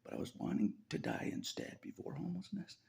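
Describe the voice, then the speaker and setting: A man with a very gravelly, fry-heavy voice rambles through a confessional vlog. His pitch swings widely, and he drifts into half-whispers and quick laughs, swearing casually as he goes. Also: sing-song, a little mellow. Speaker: YouTube channel host.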